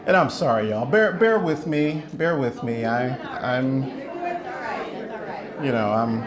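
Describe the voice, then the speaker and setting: Slow, lively British man reading spelling words. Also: mid-range voice. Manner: joking, self-deprecating, apologetic. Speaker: spelling bee word reader. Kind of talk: reading words and definitions aloud. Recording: noisy crowd in background.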